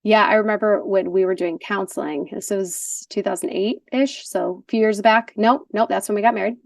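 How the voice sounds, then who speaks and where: A woman in her forties, a guest in a casual conversation, telling stories in an animated way and laughing often. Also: medium pitch, moderate pace, gravelly, dry recording, clean studio sound, recorded from a distance.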